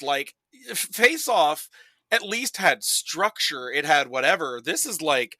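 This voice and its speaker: A young man with a very bright, forceful voice and a slightly high pitch tells stories in casual podcast chat. He breaks into exaggerated impressions, and the close mic sounds dry. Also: slow, dry recording, rough recording. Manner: animated storytelling with exaggerated impressions. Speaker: podcast guest.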